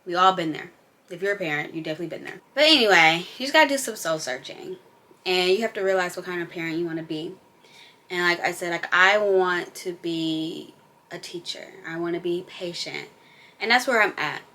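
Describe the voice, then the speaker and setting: Young mom vlogger, a woman with a low but bright, forceful voice; candid, emphatic, unscripted talk. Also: fairly quick. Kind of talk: casual unscripted chat.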